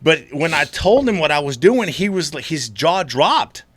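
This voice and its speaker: A man from Florida, a podcast guest telling animated stories in casual chat and acting out the voices of people he met. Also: on the high side, normal speed, husky, dry recording. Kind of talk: casual storytelling.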